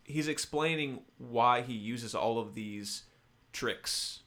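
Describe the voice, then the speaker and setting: A man's voice: mid-range voice, takes it slowly, fairly bright tone. Chatty man co-hosting a book podcast. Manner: chatty, self-mocking, many fillers. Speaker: podcast co-host. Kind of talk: casual book discussion.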